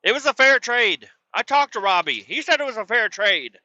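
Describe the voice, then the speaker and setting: A man's voice: big pitch swings, normal speed, pushed and bright, no echo, dull audio, exaggerated voice. A man voicing a middle-aged mother who scolds insistently and refuses to budge. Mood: indignant. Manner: shrill, insistent finger-wagging.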